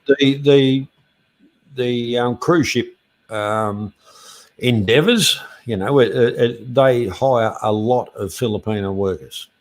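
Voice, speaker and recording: A man's voice: medium pitch, slow pace. An Australian man chatting as a guest on a live stream, rambling and circling back with many fillers. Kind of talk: casual live chat.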